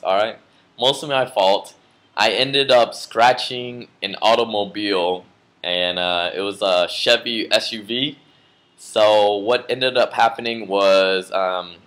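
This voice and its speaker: Freshly awake from a nap, a man tells a story casually to the camera for his vlog, rambling with plenty of fillers and restarts. His voice is lowish and a bit bright.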